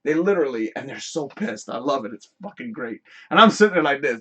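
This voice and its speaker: A man's voice: on the high side, very animated, fast talker, few pauses, pushed and bright. A man hosting a live stream, telling a story in a casual, profane rant and laughing often. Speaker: host.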